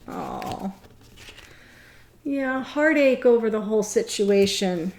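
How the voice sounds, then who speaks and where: A woman with a voice a little on the high side, giving a tarot reading in a monologue. She talks straight to her viewers, earnest and thinking aloud, with pauses between short phrases. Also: lively intonation, a little mellow. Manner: addresses viewers directly. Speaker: tarot reader.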